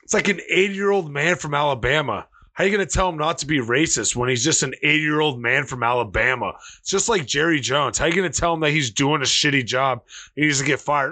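A man's voice: on the high side, fairly quick, pushed and bright. A man hosting a casual sports podcast, ranting heatedly and swearing freely. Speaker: podcast host.

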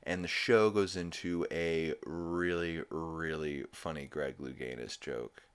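A man's voice: extremely low pitch, fairly even intonation, slow pace, clear, resonant tone. A young man hosting a podcast, retelling an episode in a rambling, profane way, with laughs along the way. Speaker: podcast host. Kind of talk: casual episode recap.

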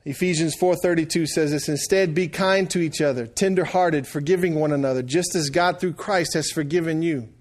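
A middle-aged man preaching a sermon, telling stories that swing from quiet, hushed lines to loud shouted outbursts. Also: on the high side, fairly quick, few pauses. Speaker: pastor.

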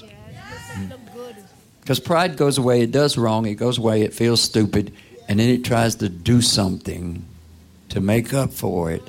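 A man's voice: fairly low pitch, creaky. A man preaching a sermon in a church, talking to the congregation in a conversational way, asking rhetorical questions and sometimes dropping to a whisper.

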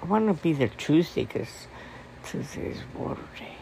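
Gravelly man venting with lots of swearing. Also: a little high, very animated, moderate pace. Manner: rambling, swears a lot, shifts between hushed mutters and angry outbursts. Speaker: vlogger. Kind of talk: casual venting monologue. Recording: noisy background.

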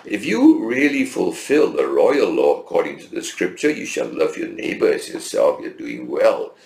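A man's voice: rumbling low, wildly swooping pitch, moderate pace, vocal fry, a little mellow. A man giving an emphatic Bible study lecture, often checking in with his listeners. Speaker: Bible teacher. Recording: echoey room.

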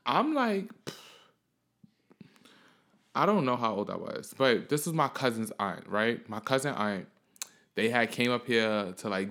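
A man's voice: medium pitch, fairly bright tone. A young man hosting a solo podcast, telling a story in a casual, profane, rambling way. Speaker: podcast host.

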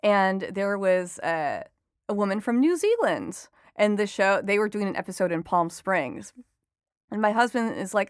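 A woman's voice: mid-range voice, normal speed, clean tone, dry recording, studio quality. Chatty woman reporter telling stories. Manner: chatty, animated storytelling with frequent laughs. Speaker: entertainment reporter and author, interview guest. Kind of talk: conversational interview.

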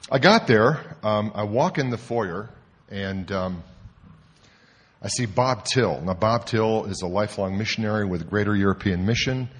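Husky low-voiced male preacher. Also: moderate pace. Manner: animated storyteller, swings from hushed to loud. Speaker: pastor. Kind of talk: sermon storytelling.

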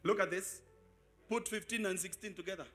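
A man preaching a sermon as pastor, asking the congregation questions and swelling into sung shouts. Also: sits high, fairly quick, faint music behind. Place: church service.

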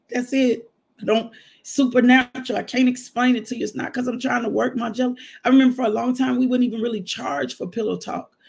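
A man's voice: extremely high pitch, normal speed, vocal fry, husky. A man, preaching a casual devotional and telling his own testimony with laughter. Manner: animated storytelling testimony, frequent laughter. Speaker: minister.

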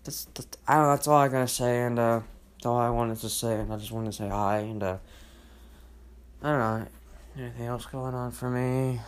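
A man's voice: medium pitch, steady tone, moderate pace, smooth. Man, solo podcast host, rambling, hesitant, emotional venting, lots of fillers.

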